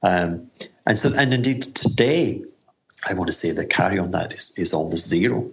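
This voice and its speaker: A middle-aged Scottish man with a very low voice. He talks as an interview guest, rambling and self-deprecating, and often restarts his sentences. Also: animated, normal speed, vocal fry, a bit bright. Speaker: hedge fund manager, guest. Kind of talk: conversational interview answers.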